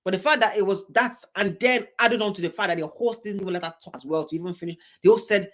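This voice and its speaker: A man hosting a reaction video, talking in an animated, emphatic way, with big swings in pitch and many repeated, restarted words. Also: fast talker, hardly any pauses. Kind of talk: reaction commentary.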